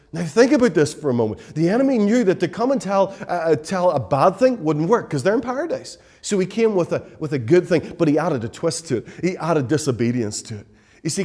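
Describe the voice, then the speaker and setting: A man's voice: fairly high pitch, darkish tone. A man preaching a sermon, telling a Bible story earnestly with rhetorical questions.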